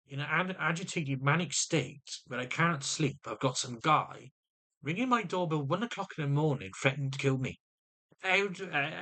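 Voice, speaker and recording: A man's voice: on the high side, bright, forceful tone. A man venting to camera in an agitated monologue, often restarting and repeating his words. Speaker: vlogger.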